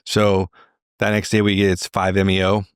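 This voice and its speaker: A middle-aged man, a podcast guest, telling a candid personal story in an animated way. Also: low voice, normal speed, clean tone, no echo, clean studio sound. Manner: animated, acts out quoted voices.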